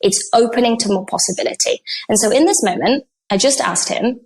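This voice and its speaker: Gravelly, husky-voiced woman telling a story. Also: on the high side, a little fast. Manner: earnest, animated, acts out quoted dialogue. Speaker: guest coach on healing. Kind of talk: conversational storytelling.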